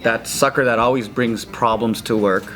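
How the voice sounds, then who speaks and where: A man's voice: mid-range voice, steady tone, moderate pace, a bit bright. A man co-hosting a casual chat show, talking bluntly and swearing freely while telling work stories. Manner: blunt, profane, storytelling. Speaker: podcast co-host.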